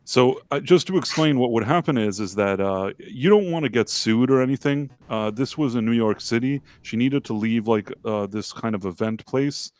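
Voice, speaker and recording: A man tells a story on a live stream in a loose, rambling, self-deprecating way, full of fillers and restarts. His pitch sits in the ordinary middle, and the sound is dry and close to the microphone. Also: moderate pace, few pauses, a little mellow, dry recording. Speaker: livestream co-host.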